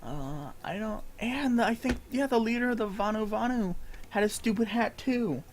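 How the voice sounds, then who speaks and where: A man's voice: sits high, lively intonation, normal speed, slight background noise. A man casually commenting on a game he is streaming, rambling with a lot of filler words. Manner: rambling, heavy use of filler "like".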